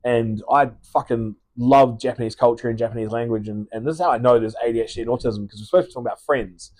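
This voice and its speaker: A man's voice: mid-range voice, fast, a little mellow. A young man with a New Zealand accent in a loose podcast chat. He rambles, restarts his sentences and swears freely as he talks about his plans. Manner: rambling, sweary, repeats words often. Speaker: guest, sports player.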